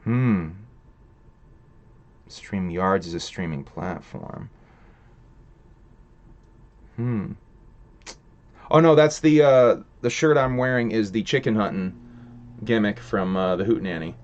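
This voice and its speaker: A man with a low-ish, darkish voice hosts a casual livestream at a moderate pace, the sound lo-fi. He rambles with plenty of profanity and chats with viewers, reading their messages.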